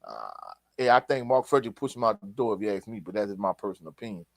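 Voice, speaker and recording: A man's voice: fairly low pitch, expressive, fast, gravelly, no room sound. A man hosting a casual sports live stream, reading viewer comments and giving his opinions in a laid-back, opinionated way. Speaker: sports show host reading live chat.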